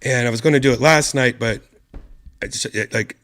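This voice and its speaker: A man hosting his own online show, hoarse from a lost voice and talking quietly and softly to spare it. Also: mid-range voice, moderate pace. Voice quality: gravelly. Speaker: podcast host. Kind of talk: casual solo stream chat.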